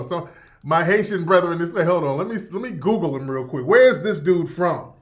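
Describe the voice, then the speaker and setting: A man's voice: a little high, lively intonation, brisk. A man hosting a radio show in casual livestream commentary, rambling and profane, repeating himself and reacting to chat.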